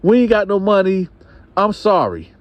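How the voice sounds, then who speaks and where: A man's voice: high voice, big pitch swings, normal speed, dry recording, dull audio, pitched above the performer's own voice. A man voicing a distraught young wife who stammers out apologies for losing the money. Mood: pleading, apologetic.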